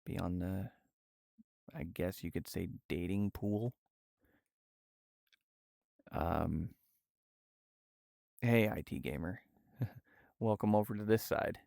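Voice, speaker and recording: Slow, halting soft-spoken man. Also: sits low, creaky, dry recording, clean studio sound. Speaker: livestreamer. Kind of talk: casual livestream chat. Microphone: VR headset setup.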